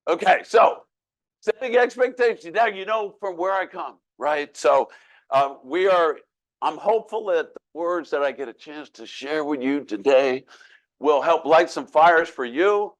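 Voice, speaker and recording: A man's voice: on the high side, unhurried. A man in his sixties giving a humorous keynote speech, telling self-deprecating stories with folksy jokes. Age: 60s. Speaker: keynote speaker.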